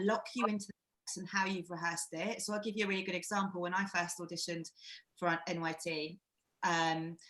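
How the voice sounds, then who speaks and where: A woman from England leading a live-streamed acting workshop, talking in an encouraging, reflective way with animated emphasis. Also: medium pitch, reverberant, poor audio. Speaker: workshop leader.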